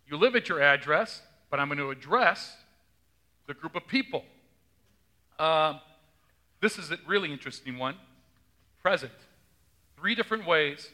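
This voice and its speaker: A male pastor with a notably high, very bright voice gives a conversational sermon. He reads the gospel and then chats with his flock, asking them questions from the front of the church. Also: expressive, moderate pace, pauses often. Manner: chatty, quizzes the congregation. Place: church sanctuary.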